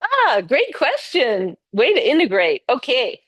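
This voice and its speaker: An older woman leads a live yoga class, her voice a touch high and recorded close and dry. She gives step-by-step cues and keeps encouraging her students by name. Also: huge pitch swings, a little slow, a bit bright, no echo. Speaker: yoga teacher. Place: yoga studio.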